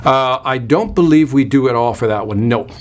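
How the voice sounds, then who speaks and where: A sales trainer hosts a live online sales workshop, speaking with energy and emphasis, using punchy repetition and reading viewer comments aloud as he goes. His voice is mid-range and his pace moderate.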